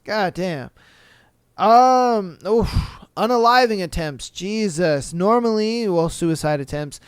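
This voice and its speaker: A male podcast host reads stories aloud at an unhurried pace and breaks in with profane, animated reactions. His voice is smooth and clear on a close mic. The room is dry and free of echo. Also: high-pitched. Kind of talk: reading stories aloud with casual commentary.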